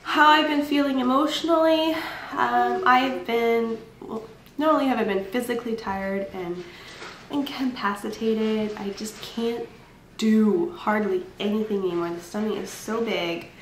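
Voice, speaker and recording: A woman's voice: fairly high pitch, a little slow, reverberant, slight background noise. A tired young woman vlogging casually at home, chatty and candid, with frequent ums and laughs. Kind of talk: casual pregnancy vlog. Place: home room.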